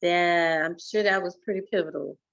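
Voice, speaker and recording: A woman hosting a podcast interview, encouraging her guest with soft mm-hmms and asking probing follow-up questions. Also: on the low side, steady tone, normal speed, gravelly. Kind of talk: conversational interview. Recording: dull lo-fi audio.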